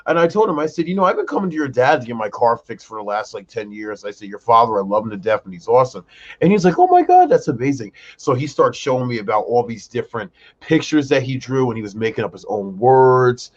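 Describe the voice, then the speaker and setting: A man co-hosting a casual podcast chat, an animated storyteller who acts out quotes in a high voice. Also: fast talker. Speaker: co-host. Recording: dull lo-fi sound.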